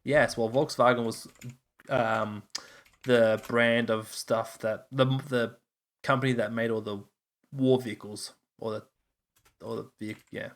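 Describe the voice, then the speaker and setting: Teasing Australian podcast co-host. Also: male voice, mid-range voice, little pitch movement, unhurried. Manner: teasing, laughs often. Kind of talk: casual chat.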